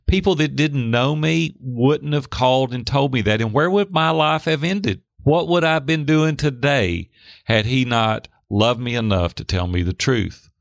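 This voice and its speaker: A middle-aged man telling a personal story in an interview, lively, acting out the voices of the people in it. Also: medium pitch, a little slow, gravelly, dry recording. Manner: animated, acts out quoted voices. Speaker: guest. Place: Hendersonville near Nashville.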